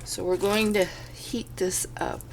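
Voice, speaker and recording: A woman talking through home canning in her kitchen, stuffed up and congested, rambling in a relaxed, unhurried way. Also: medium pitch, gravelly, slight background noise. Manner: slow, unhurried, rambling explanations. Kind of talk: casual kitchen how-to chat. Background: kitchen clatter of pots and utensils.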